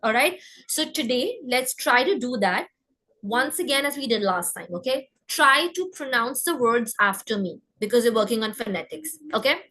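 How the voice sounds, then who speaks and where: A woman teaching French pronunciation, saying example words slowly so learners can repeat after her. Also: on the high side, animated, bright, forceful tone, poor audio. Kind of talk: pronunciation lesson.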